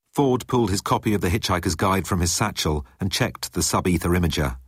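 A man reading a story aloud as narrator, in a lively storytelling way. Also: sits low, fairly quick, hardly any pauses, husky, dry recording, studio quality. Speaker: audiobook narrator. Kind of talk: scripted narration.

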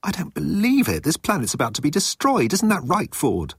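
A man voicing an anxious, flustered young man with a high, pleading way of talking. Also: huge pitch swings, fairly quick, a bit bright, slightly rough, no room sound, studio quality, heavily acted. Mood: worried.

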